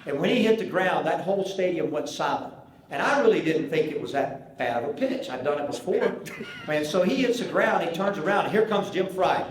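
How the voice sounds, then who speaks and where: A man in his sixties with a Southern North Carolina accent tells animated, folksy stories from a banquet stage. His voice sits a little high for a man. It rings through a very echoey hall with a faint murmur of room noise behind it. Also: a little fast. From Charlotte, North Carolina. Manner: folksy, animated anecdote-telling. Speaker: banquet keynote speaker. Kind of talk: after-dinner storytelling speech.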